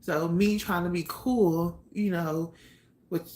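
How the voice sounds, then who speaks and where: A woman telling a painful personal story to camera, halting and soft-spoken, trailing off with pauses and sighs. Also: on the low side, steady tone.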